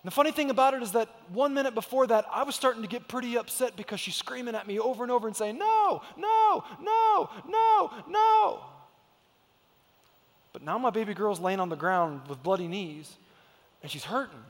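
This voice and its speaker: A man's voice: high-pitched, fast, long reverb tail. A man in his thirties preaching a sermon in a church sanctuary, telling stories emphatically and acting out the quotes. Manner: emphatic storytelling, acts out quotes. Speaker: pastor.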